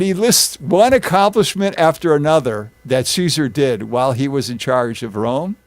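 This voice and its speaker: A man's voice: mid-range voice, animated, moderate pace, hardly any pauses, no echo. A man leading a casual group discussion and retelling a story, with acted quotes thrown in. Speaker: discussion leader.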